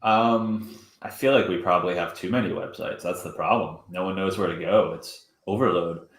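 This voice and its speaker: A young man co-hosting a podcast, chatting casually in a dry, deadpan way. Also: deep voice, moderate pace. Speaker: podcast co-host. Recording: roomy echo.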